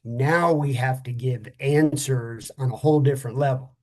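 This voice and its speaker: A middle-aged man, a former police officer, talking frankly and a little tiredly, often pausing to find his words and swearing casually. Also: medium pitch, steady tone. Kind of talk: candid conversational podcast talk.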